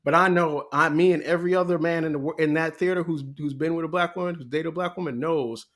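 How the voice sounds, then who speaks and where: A man co-hosting a podcast, talking casually and getting animated and laughing as he recounts scenes. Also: a little high, fast talker. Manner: animated, laughs often, gets excited. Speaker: podcast co-host.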